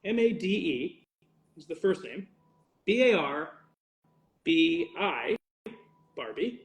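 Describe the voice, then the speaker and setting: Man, fairly high voice, loose rambling livestream chat while signing for fans, joking swears, roomy echo. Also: very animated, slow, a little hiss or hum. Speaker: voice actor signing autographs for fans.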